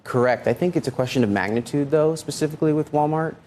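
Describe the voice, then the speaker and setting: A man interviewed on the news as an analyst, answering in a measured, data-focused way. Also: fairly high pitch, a little mellow, slight background noise. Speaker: retail analyst guest.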